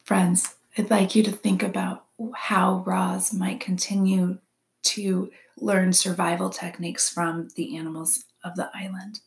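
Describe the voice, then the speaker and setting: A woman teacher reading a children's novel aloud to her class, with expressive, often hushed narration. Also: on the low side, measured pace, gravelly. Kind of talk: read-aloud storytelling.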